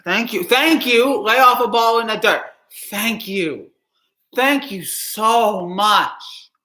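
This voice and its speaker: A man's voice: sits high, takes it slowly, pushed and bright, roomy sound. A man reacting live to a ballgame as a fan streamer, anxious and pleading, with heavy sighs.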